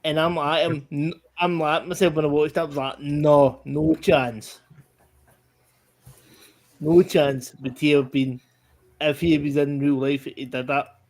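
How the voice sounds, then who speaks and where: A man's voice: on the high side, level tone, moderate pace, low-quality recording. A man with a Scottish accent in a casual livestream chat, rambling and emphatic with lots of restarts.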